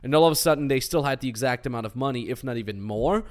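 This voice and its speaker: A man hosting a podcast, talking casually about coaching clients. His voice sits at an ordinary middle pitch. He tells his stories with lively acted-out quotes. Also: fast talker. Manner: animated storytelling with acted quotes. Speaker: podcast host and business coach.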